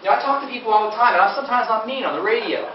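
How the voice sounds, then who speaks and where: A man's voice: sits high, racing, slight background noise. A man giving a live seminar talk to an audience, chatty and asking the listeners questions. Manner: conversational, quizzes the audience. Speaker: nutrition speaker. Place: lecture room with a live audience. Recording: dull, echoey room from far off.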